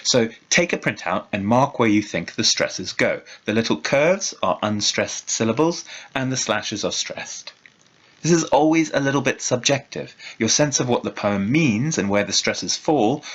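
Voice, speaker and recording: A male lecturer giving a recorded lecture in a measured, explanatory way and reading verse slowly. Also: mid-range voice, animated, a bit bright, rough recording.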